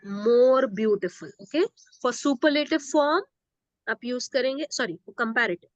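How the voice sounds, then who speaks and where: In a lo-fi recording with no echo, a woman's high-pitched, slightly bright voice moves fast through an English grammar lesson. She patiently repeats words, keeps asking "okay?" to check that students follow, and mixes in Hindi.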